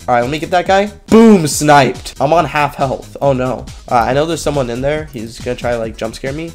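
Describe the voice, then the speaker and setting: A young man giving excitable, swearing commentary while playing online games, often yelling. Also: mid-range voice, moderate pace, few pauses, faint music behind. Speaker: gaming YouTuber. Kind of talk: live gameplay commentary.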